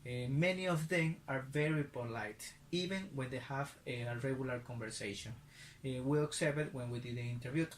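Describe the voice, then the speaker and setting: Male student presenter, Spanish native, hesitant delivery, mid pitch, faint noise. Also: a little fast. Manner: hesitant, with fillers. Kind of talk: class presentation.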